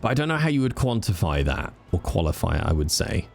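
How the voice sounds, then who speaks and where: A man's voice: low-pitched, very animated, quick pace, gravelly, soft background music. A British man who streams, talking with his viewers in a chatty, joking way. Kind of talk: casual chat with viewers.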